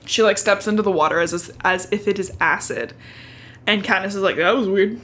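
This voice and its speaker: Bright, chatty young woman, casual recap. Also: medium pitch, fairly quick. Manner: chatty, profane, uses many fillers. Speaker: podcast host. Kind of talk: casual book recap chat.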